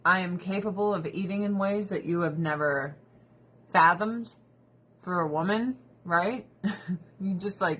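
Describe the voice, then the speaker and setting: Husky woman in her thirties, blunt sweary rant, casual coffee-talk vibe. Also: mid-range voice, unhurried, fairly bright tone. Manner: blunt, profane ranting with mocking impressions. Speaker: vlogger. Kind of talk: casual chat.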